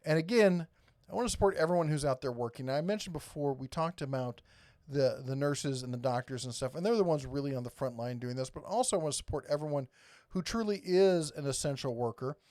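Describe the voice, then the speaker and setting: A man's voice: medium pitch, a little mellow, no room sound, clean studio sound. A man hosting a casual live stream, rambling and reading viewer comments aloud. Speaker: host.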